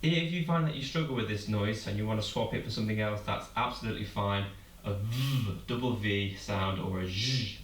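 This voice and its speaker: A man teaching singers a vocal warm-up, guiding them step by step with encouraging explanations. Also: fairly low pitch. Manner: clear, encouraging step-by-step coaching with demonstrated sounds. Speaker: singing teacher. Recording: roomy echo, a little far from the mic, faint noise.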